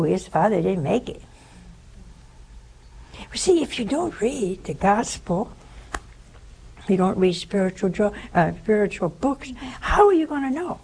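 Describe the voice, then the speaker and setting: An older religious sister giving a sermon, telling a story with animated voices and sudden drops to a whisper. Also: female voice, medium pitch, low-quality recording. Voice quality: gravelly, husky.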